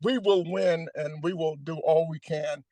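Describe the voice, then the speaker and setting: Older comedian guy on a video call, high voice, dry close sound, joking and punchy. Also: fairly even intonation, measured pace, mellow, dry recording, poor audio. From Atlanta, United States. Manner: emphatic, joking, preacher-like cadence. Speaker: comedian guest. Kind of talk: animated comedic chat.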